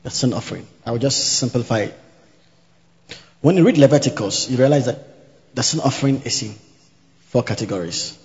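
A man with a medium-pitched, slightly mellow voice preaches a sermon to a congregation. He teaches by repeating each point, often asks whether listeners are following, and now and then interjects "hallelujah". The hall recording sounds dull and reverberant.

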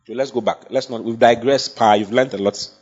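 A man preaches briskly in a medium-pitched, slightly mellow voice with fairly even intonation. He makes his points emphatically and keeps checking for the congregation's assent. The sound is dull and lo-fi.

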